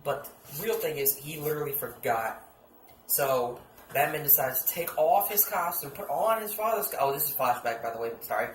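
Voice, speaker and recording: A man's voice: fairly high pitch, expressive, normal speed. A young man hosting a casual show, rambling through a comic book story, swearing freely and acting out the characters' lines. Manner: rambling, swears, acts out quotes. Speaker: podcast host. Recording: echoey room, faint ambient noise.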